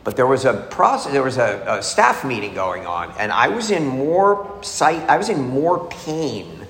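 A man's voice: mid-range voice, very animated, measured pace, fairly bright tone. A man giving a candid, emotional personal testimony, acting out the voices of people in his story. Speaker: speaker sharing a recovery story. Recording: echoey hall, faint ambience.

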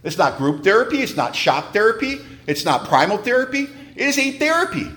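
A man's voice: sits high, very animated, a little fast, sharp tone. A man giving a humorous, emphatic personal testimony at a recovery meeting, in a conversational storytelling manner.

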